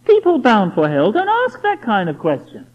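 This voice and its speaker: A man's voice: high voice, huge pitch swings, normal speed. A man preaching a sermon, emphatic and full of rhetorical questions aimed at the listener. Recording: dull lo-fi recording.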